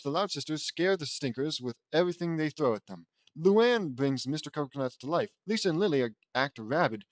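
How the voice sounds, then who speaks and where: Man, fan fiction reading, sarcastic asides, slightly high voice, dry close sound. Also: no room sound. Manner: sarcastic asides between passages. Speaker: audiobook reader.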